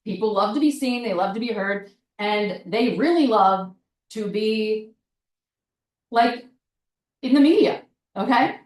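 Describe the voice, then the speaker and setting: A woman presenting a workshop in a casual, animated way, often saying "like" and "right?" and repeating points for emphasis. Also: mid-range voice, unhurried, pauses often. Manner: chatty and animated, fond of "like" and "right?". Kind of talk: casual seminar talk. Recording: echoey room, mic at a distance.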